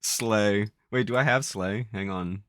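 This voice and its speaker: A man's voice: fairly low pitch, slow, fairly bright tone. A man giving jokey, casual live-stream commentary, laughing at his own bits. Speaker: game streamer.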